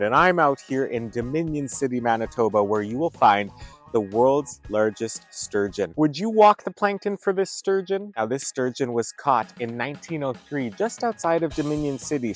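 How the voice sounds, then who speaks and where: Male comedy travel vlogger, outdoor roadside shots, hammy delivery full of puns. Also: mid-range voice. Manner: punning, exaggerated, bursts of loud excitement. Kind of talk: joke-filled roadside attraction vlog.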